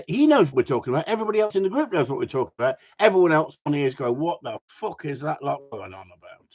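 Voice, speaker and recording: Casting: husky, lively bloke, crude teasing banter, lo-fi sound. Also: male voice, a little high. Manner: swears freely, teasing, laughs often. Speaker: host of a gundog group chat. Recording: dull lo-fi sound.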